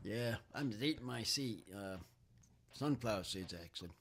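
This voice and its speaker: Gravelly tired man bantering on a podcast. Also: mid-range voice, animated, crowd noise. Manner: halting, trailing off, loose banter. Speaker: podcast host. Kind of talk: casual live-stream podcast chat.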